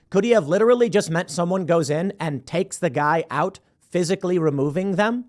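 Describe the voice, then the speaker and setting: Man, show host, political commentary, emphatic, sarcastic, lively pitch swings. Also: fairly quick. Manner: animated, emphatic, sarcastic asides.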